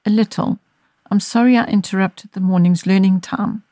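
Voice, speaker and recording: A woman's voice: fairly even intonation, normal speed, warm tone, no echo, clean studio sound, natural voice. A woman reading the lines of an upset ten-year-old girl in an audiobook, in an earnest, pleading voice. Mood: subdued. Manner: earnest, pleading, slightly raised pitch.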